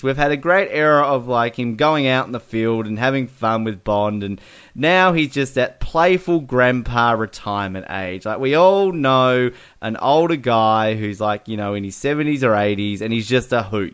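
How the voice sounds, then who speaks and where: A man co-hosts a podcast, chatting casually about a film and laughing often as he retells its scenes. His mid-range voice is clear and resonant, with a slightly bright tone.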